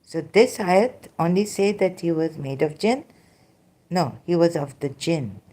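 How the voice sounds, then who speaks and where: Woman lecturer, low mellow voice; halting non-native English, unhurried, reading out verses. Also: expressive. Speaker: religious critic presenting scripture.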